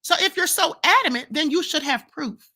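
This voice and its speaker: High, bright-voiced woman lecturing viewers. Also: lively intonation, normal speed. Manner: emphatic and lecturing, repeats "okay?" and "ma'am". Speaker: live-stream commentary host. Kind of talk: heated commentary answering viewer comments.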